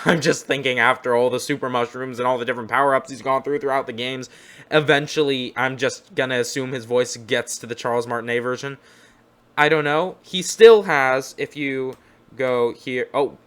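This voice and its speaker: A man's voice: medium pitch, fairly bright tone. Chatty young man reacting on camera. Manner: rambling, upbeat, self-correcting. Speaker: video reaction host. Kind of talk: casual reaction commentary.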